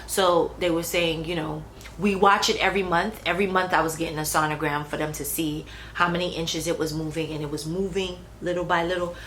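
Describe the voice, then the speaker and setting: A woman's voice: low voice, fairly even intonation, fairly quick, a bit bright, low-quality recording. A young adult woman talking casually about her own pregnancy, chatty, with fillers and restarts. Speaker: vlogger. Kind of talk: casual personal storytelling. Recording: faint background noise.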